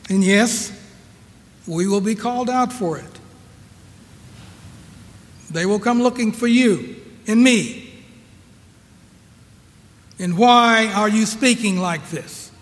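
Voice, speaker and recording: Preaching slowly and deliberately, a man draws out every phrase in a strikingly high voice. Rhetorical questions come again and again, and his sermon rings through the hall with a long echo.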